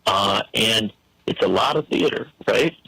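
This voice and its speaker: Gravelly man preaching political commentary. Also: on the low side, animated, measured pace, bright, forceful tone, no room sound, low-quality recording. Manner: preacherly, emphatic, rhetorical questions.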